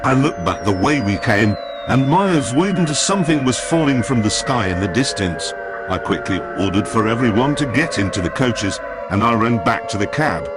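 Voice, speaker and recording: A man playing a grave government agent, narrating a disaster in steady, solemn scripted narration. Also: medium pitch, normal speed, loud music behind the voice, natural voice. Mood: urgent recounting.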